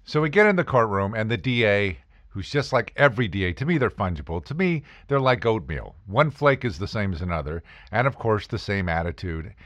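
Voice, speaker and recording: Wry lively-voiced American man telling stories. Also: fairly low pitch, brisk, hardly any pauses, dry recording. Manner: wry, joking, acts out quoted voices. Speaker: attorney podcast host. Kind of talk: casual storytelling monologue.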